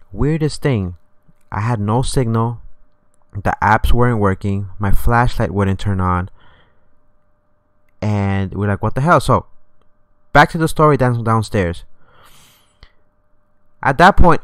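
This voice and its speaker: Low, smooth-voiced man telling a ghost story. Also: no room sound. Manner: animated, rambling, swearing often. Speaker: streamer. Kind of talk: casual live-stream storytelling.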